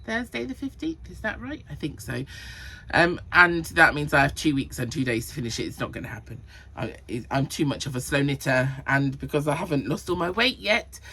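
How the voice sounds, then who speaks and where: A Cornish woman hosts a knitting podcast, her low, slightly bright voice carrying a husky edge. She chats casually about her projects, murmuring row counts and sizes under her breath.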